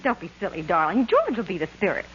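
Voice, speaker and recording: A woman's voice: fairly low pitch, huge pitch swings, fast, fairly bright tone. An actress playing a playful, teasing female ghost in 1940s radio comedy acting. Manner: coaxing and teasing. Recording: dull, lo-fi old radio broadcast with faint hiss.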